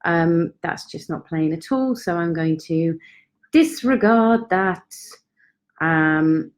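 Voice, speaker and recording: A woman chats slowly and easily to viewers of her live stream, her voice sitting on the low side. She talks into her phone at home, friendly and self-deprecating. Her pace stays unhurried throughout. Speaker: confidence coach hosting a live stream. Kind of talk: casual live-stream chat. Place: at home, in York.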